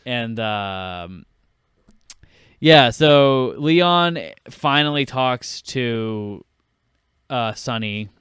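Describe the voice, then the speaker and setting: A young man co-hosting a casual film podcast, talking in an animated way and acting out movie lines in put-on voices. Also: mid-range voice, very slow, pauses often, smooth, no echo, clean studio sound. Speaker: podcast co-host.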